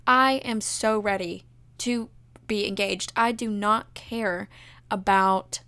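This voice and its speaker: A young woman vlogger, tearful and close to crying, gushes casually about her engagement, her speech full of fillers. She talks slowly in a mid-range, fairly bright voice with fairly even intonation.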